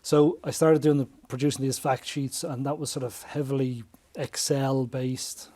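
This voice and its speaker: Speaking at a moderate pace with a medium-pitched voice, this podcast guest is a business coach chatting in an interview. He spins stories with animation, performing the quoted dialogue himself.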